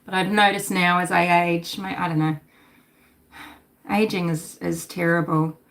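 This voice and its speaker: A woman's voice: on the low side, flat delivery, unhurried, creaky, fairly bright tone, slight background noise. A middle-aged woman, hosting a casual livestream, talking animatedly, swearing and reading out chat comments. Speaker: livestream host.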